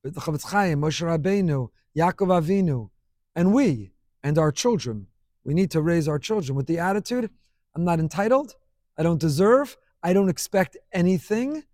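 A man's voice: fairly high pitch, expressive, moderate pace, darkish tone, no echo, clean studio sound. A man teaching a Torah class, speaking emphatically, repeating key phrases and mixing in Hebrew terms. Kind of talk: Torah lecture.

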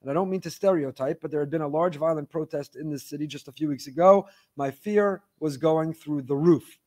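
A man teaching a Torah class, reading listener emails aloud in an animated storytelling way with wry asides. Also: fairly high pitch, a little fast.

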